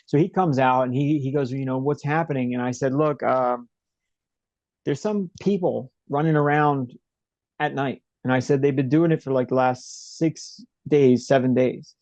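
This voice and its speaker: A man's voice: medium pitch, moderate pace, a little mellow, dry recording, dull audio. A young man as an interview guest, telling a story in a rambling, casual way with many fillers and restarts.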